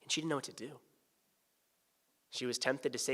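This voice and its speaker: A male pastor preaching a sermon, swinging from hushed, tender asides to loud, pleading emphasis. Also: on the high side, big pitch swings, moderate pace. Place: church sanctuary. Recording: church sanctuary with long reverb.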